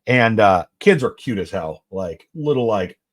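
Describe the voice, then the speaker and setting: A man with a somewhat low voice rambles through easygoing, profane stories on a podcast. He talks in a relaxed way. He is recording in a basement. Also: a little slow. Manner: rambling, profane, laid-back storyteller. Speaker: podcast co-host. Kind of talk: casual chat.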